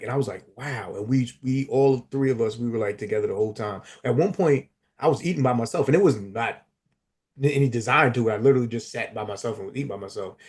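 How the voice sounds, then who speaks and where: A man chatting casually on a livestream, telling stories in an animated, slangy way. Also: medium pitch, breathy edge. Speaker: community member on a livestream. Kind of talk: casual chat.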